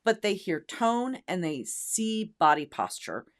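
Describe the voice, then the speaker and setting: A woman's voice: mid-range voice, sing-song, takes it slowly. A woman co-hosting a casual talk show about dog training, speaking emphatically and demonstrating tones of voice. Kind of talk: casual podcast chat.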